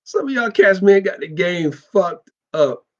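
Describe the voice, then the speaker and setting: A man's voice: high-pitched, lively intonation, unhurried, highs cut off. A middle-aged man talking bluntly and profanely in a casual monologue about motorcycle club business. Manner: blunt, profane, emphatic street talk.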